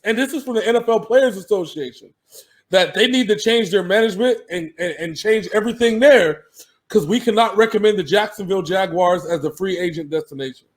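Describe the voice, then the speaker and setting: A man co-hosting a sports podcast, talking casually and animatedly, laughing and swearing freely. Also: sits high.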